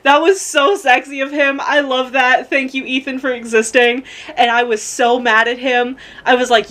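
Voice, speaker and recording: A young woman with a fairly high, slightly bright voice talks at a moderate pace and fairly even intonation in her casual book review vlog. Gushing and rambling with plenty of fillers and swearing, she laughs while crying, close to tears.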